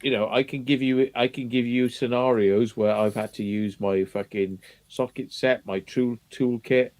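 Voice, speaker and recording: A man's voice: mid-range voice, steady tone, normal speed, a little mellow. A man in casual chat, ranting emphatically and swearing a lot.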